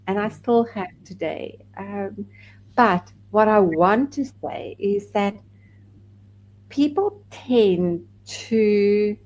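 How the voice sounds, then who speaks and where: Candid woman telling a personal story slowly. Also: mid-range voice, poor audio. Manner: candid, animated when quoting others. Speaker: podcast guest.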